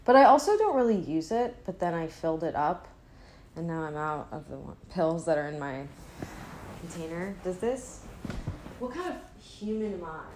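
Drowsy woman vlogger, low-ish voice, self-mocking ramble, echoey home room. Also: very animated, normal speed, darkish tone, slight background noise. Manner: rambling, self-deprecating, trails off and restarts. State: sleepy, not fully awake. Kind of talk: casual rambling chat to camera. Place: indoors at home, an apartment. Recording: echoey room with faint ambience.

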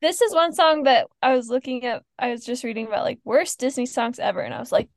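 A woman co-hosting a casual chat, playful and animated. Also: on the high side, fast, no echo, studio quality. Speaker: podcast co-host.

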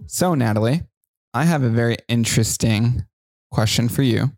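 A man's voice: mid-range voice, moderate pace, a little mellow. A man in his twenties hosting a podcast in casual chat, upbeat, teasing and steering the talk. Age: 20s. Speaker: podcast host.

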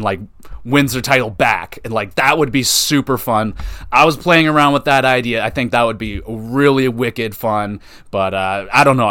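A man hosts a wrestling podcast, rambling through a casual recap. He talks with eager enthusiasm and drops into quick quoted voices. His mid-pitched voice sits close and dry on the mic. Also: fairly bright tone, no room sound. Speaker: podcast host.

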